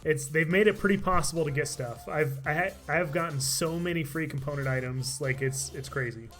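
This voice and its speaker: A man's voice: fairly high pitch, a little fast, a bit bright, faint music behind. A man streaming a game live, chatting casually and laughing often, his voice tired from talking all day. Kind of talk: live gameplay commentary.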